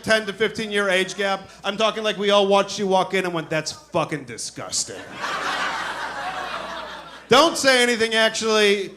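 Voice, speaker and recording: A man performing a stand-up comedy set on a club stage, telling a story in an animated way and acting out other people's voices. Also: high-pitched, noisy background. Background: audience laughter.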